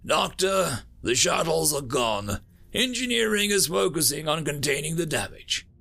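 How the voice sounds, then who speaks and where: A man voicing a frightened starship captain shouting orders over a comm. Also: a little high, big pitch swings, unhurried, gravelly, voice pushed up, exaggerated voice. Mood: urgent.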